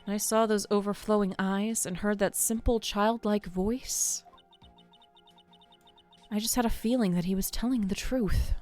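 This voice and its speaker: A woman's voice: medium pitch, steady tone, unhurried, darkish tone, soft background music, close to an everyday voice. A woman reading as an earnest young lawyer. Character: young female defense attorney, earnest.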